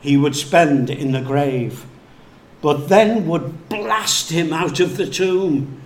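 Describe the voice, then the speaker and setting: A male pastor preaching a sermon slowly and deliberately, dropping to hushed tones for emphasis. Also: on the high side. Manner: slow, deliberate preaching with hushed dramatic drops. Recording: echoey room with faint background noise.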